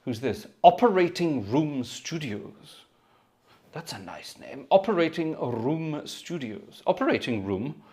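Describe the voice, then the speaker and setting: A man's voice: fairly high pitch, very animated, slow, a little mellow. A man hosting a live organ-music stream, chatting cheerfully and thanking viewers by name between tunes. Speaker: livestream organist and host.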